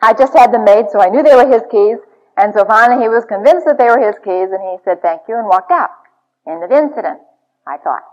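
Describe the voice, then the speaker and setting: A woman's voice: a little high, animated, a little fast. Woman speaker telling stories at a church talk, earnest, kinda muffled old recording. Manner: earnest, confessional storytelling. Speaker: Christian marriage speaker. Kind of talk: teaching talk to an audience. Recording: dull lo-fi recording.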